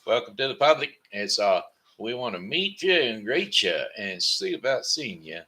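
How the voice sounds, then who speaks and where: A drowsy Missouri host of a daily home broadcast delivers a rambling, casual monologue, stumbling, repeating words and correcting himself. His voice is low and bright, very animated, at a normal speed.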